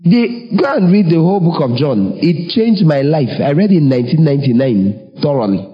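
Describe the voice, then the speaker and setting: A man's voice: fairly high pitch, expressive, moderate pace, muffled recording. A man preaching a sermon emphatically, asking the congregation rhetorical questions. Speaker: pastor.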